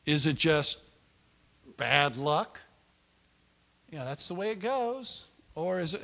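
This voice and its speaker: A male preacher delivers a sermon in a relaxed, conversational style. He is playful, with joking asides, and his voice sits a little high for a man. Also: slow, creaky, pauses often.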